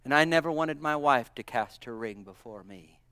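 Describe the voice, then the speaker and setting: A middle-aged man preaching a sermon, going from loud exclamations to hushed near-whispers, and slowing down low for scripture quotes. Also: animated, clear, resonant tone, no room sound.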